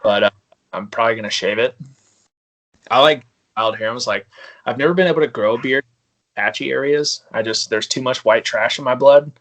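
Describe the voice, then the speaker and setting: A man's voice: mid-range voice, a little fast, long pauses, a bit bright. Laughing, storytelling man on a podcast. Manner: laughing, storytelling, acts out quoted voices. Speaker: podcast guest. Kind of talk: casual podcast chat.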